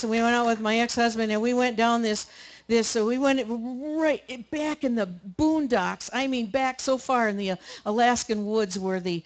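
A woman speaking at a camp meeting, telling a rambling, colloquial story to a live audience. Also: mid-range voice. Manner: chatty, rambling, colloquial with many restarts.

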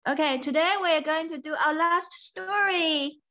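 A woman teacher telling a children's story in an animated, sing-song way, switching between English and Mandarin. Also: sits high, unhurried, no room sound.

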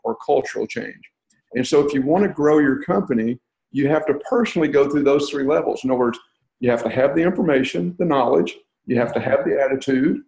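Man, gravelly, mid-pitched, methodical podcast guest. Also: echoey room, poor audio. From Texas. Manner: steady, teaching step by step. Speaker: guest, leadership teacher. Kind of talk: explanatory podcast interview.

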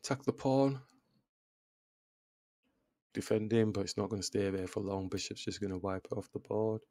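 Gravelly low-voiced Englishman mulling chess moves. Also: fairly even intonation, normal speed, warm tone, no room sound. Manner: thinks aloud, muttering move by move; self-deprecating, groans at his own blunders. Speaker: chess video creator. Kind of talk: casual live chess commentary.

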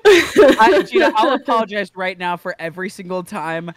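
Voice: mid-range voice, sing-song, moderate pace, a crowd in the background. A co-host of a game stream who tells stories with lots of quoted asides and swears casually. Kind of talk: casual let's-play chat.

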